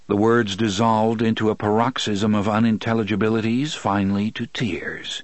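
Male narrator, low voice, dry close recording, measured read. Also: dry recording. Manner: measured, even storytelling. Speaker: audiobook narrator. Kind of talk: scripted narration.

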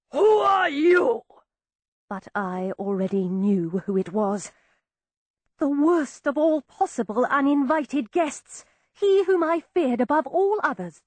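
A woman narrating a first-person novel with a wry, expressive delivery. Her voice sits fairly high and swoops lively through each sentence. The recording is close and dry. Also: dry recording. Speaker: audiobook narrator.

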